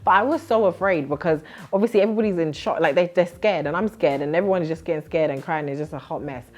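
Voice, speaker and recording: A young woman from Britain, a TV host, telling her story to camera in a lively, chatty way with lots of laughs. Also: sits low, quick pace. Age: young adult. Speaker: vlogger and TV host.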